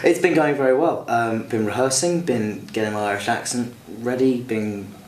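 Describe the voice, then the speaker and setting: A young man chats casually in a theatre dressing room, wry and a little hesitant. His voice sits at a middle pitch and rings in the room. A faint background hum runs under it. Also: normal speed, darkish tone. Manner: wry, self-deprecating, hesitant. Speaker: stage actor. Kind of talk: casual backstage chat. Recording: roomy, faint ambience.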